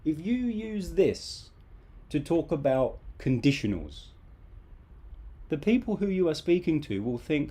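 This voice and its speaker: A man's voice: fairly high pitch, very animated, unhurried, warm tone. A man teaching English grammar in a casual, playful live online class.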